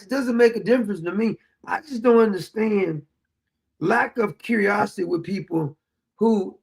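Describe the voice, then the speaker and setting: A man with a gravelly, fry-heavy voice sitting high in his range, ranting about politics with blunt defiance. He curses freely and circles back over his points, like an unscripted show host. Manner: blunt, defiant, profane, repeats himself.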